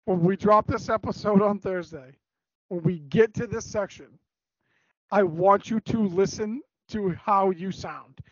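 A man's voice: high voice, a little slow, no room sound. A man co-hosting a podcast, insistently interrupting during sports banter. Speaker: podcast co-host. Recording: dry lo-fi podcast recording.

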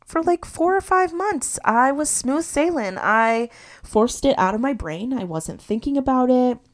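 A young woman hosting a solo podcast, retelling a personal story in an animated, confessional way. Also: sits high, unhurried. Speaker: podcast host.

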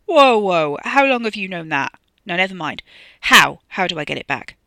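A storyteller playing a jittery young man who keeps getting pushed around, his voice rising with agitation. The read is bright and close on a dry mic in this audiobook. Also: mid-range voice, lively intonation, moderate pace, no echo. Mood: excited. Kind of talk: audiobook character voice.

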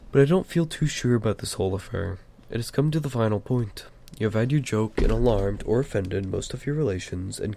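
A man voicing an old male wizard, grave and stern, speaking in a measured way in an amateur audiobook reading. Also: fairly low pitch, creaky, mellow, slight background noise.

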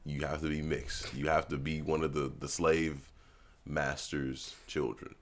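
Man, very deep voice, podcast co-host, casual chat, laid-back, swears. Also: flat delivery, unhurried.

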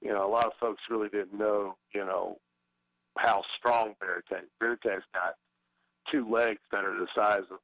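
A man's voice: fairly low pitch, fairly even intonation, moderate pace, a bit bright, no room sound, poor audio. A middle-aged man, a former baseball player, talking as a guest in a casual interview, hesitant with many fillers and restarts.

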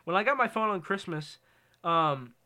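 A man's voice: high voice, expressive, moderate pace, bright, forceful tone. A teenage boy co-hosting a podcast, chatting casually and rambling with lots of ums. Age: teens. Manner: rambling, many ums, tangents. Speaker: podcast co-host. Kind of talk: casual chat.

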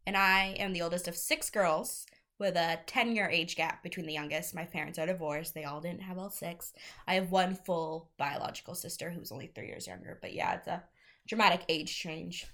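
A woman's voice: fairly low pitch, steady tone, moderate pace, fairly bright tone. A young woman co-hosting a casual podcast, chatting and introducing the episode. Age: young adult. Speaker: podcast co-host. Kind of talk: casual chat.

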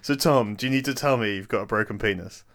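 A man's voice: lowish voice, fast talker, fairly bright tone. A young man hosting a podcast, asking teasing questions and laughing often, with many restarts. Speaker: podcast host. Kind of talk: casual chat.

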